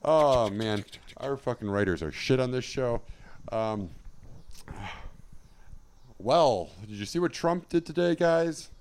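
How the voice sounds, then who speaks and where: A man doing an impression of an upbeat male late-night TV host, with bright, showy host patter. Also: mid-range voice, expressive, takes it slowly, pauses often, a little hiss or hum, voice pushed up. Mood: chipper.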